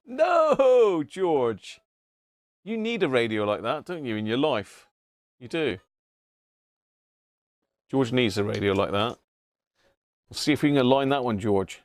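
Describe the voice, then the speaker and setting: There's no echo on this man's mid-range voice as he unhurriedly hosts a casual livestream. Taking long pauses, he laughs a lot, reads out viewer messages, and says hello to viewers by name.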